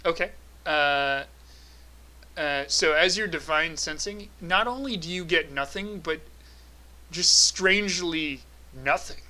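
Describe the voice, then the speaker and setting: A man narrating a tabletop game as game master, relaxed and full of filler sounds. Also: a little high, slow pace, rough recording.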